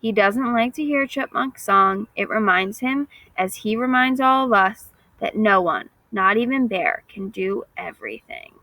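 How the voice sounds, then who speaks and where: A woman reading a folk tale aloud for children in a gentle, expressive storytelling voice. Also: medium pitch, measured pace, few pauses, dry recording, rough recording.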